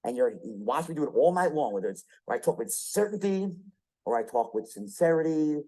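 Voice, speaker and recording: A man's voice: on the high side, expressive, brisk, dark tone, poor audio. A man giving a motivational sales seminar, emphatic and profane, hammering key phrases and quizzing his audience. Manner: profane, punchy delivery. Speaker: sales trainer.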